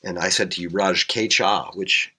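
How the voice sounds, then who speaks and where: Man, helicopter pilot guest, deep husky voice with a bright edge, loose rambling storyteller. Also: fairly even intonation, normal speed. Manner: rambling, many fillers and restarts. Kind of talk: casual storytelling interview.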